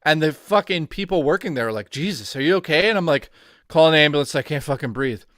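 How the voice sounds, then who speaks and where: A man, co-hosting a podcast, telling an animated, profanity-heavy story in casual chat. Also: on the high side, fast talker, dry recording, studio quality. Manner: animated storyteller, swears a lot. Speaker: podcast co-host.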